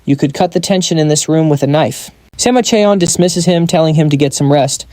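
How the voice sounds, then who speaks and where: A man narrating a comic story recap in a brisk, wry storytelling manner with playful asides. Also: a little high, mellow, no room sound.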